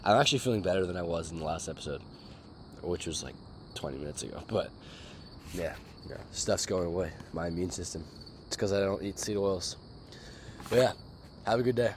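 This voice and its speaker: A man's voice: low voice, a little fast, pauses often, noisy background. A young man with a sick voice, rambling dismissively through a solo podcast rant and repeating his words. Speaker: podcast host.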